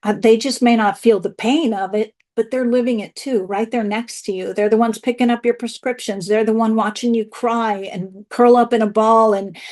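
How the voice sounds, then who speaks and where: A woman's voice: on the high side, fairly even intonation, moderate pace, hardly any pauses, darkish tone. A woman speaking candidly and emotionally over a video call, telling her own story as a speaker at an online event. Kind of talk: personal testimony.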